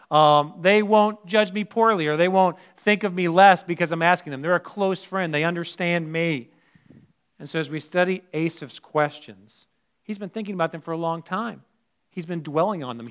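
A man's voice: fairly high pitch, fairly bright tone, clear, resonant tone. A male pastor preaching a sermon in a conversational way, asking the congregation rhetorical questions and reading scripture aloud with emphasis.

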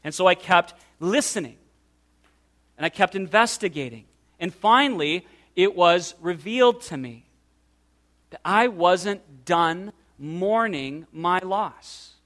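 A man preaching an earnest pastoral sermon, slowing down to stress key words and speaking directly to his listeners. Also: sits high, bright, forceful tone. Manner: earnest, pastoral, slows for emphasis.

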